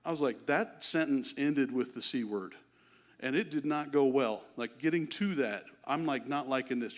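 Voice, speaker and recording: A middle-aged man giving a church testimony, telling his story in an animated, self-deprecating way. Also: medium pitch, moderate pace. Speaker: guest speaker. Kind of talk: sermon testimony.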